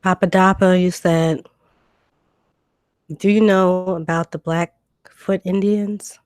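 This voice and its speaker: A woman with a fairly low voice hosts a casual livestream from home, reading viewer questions aloud and answering them. She talks loosely with ums and restarts, a cough drop in her mouth. Her new desk mic gives a close, dry sound. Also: steady tone, slow, darkish tone, no echo. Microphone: new desk microphone.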